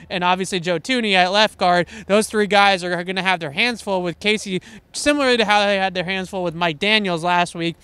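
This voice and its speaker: Bright, high-voiced football analyst man. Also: a little fast, clean tone, no room sound. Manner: nerdy, enthusiastic breakdown of tactics. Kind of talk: casual sports podcast chat.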